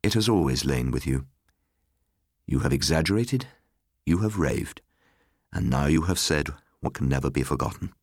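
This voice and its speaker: A cold, weary middle-aged father talks in a deep, measured and formal tone, his pitch still lively. A man voices him while reading the story aloud. The recording is dry and close. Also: no room sound, exaggerated voice.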